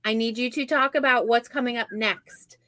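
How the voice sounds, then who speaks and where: A woman's voice: fairly high pitch, fairly even intonation, normal speed, sharp tone. A woman co-host who also produces the show, speaking in a dry, matter-of-fact way. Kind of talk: casual chat.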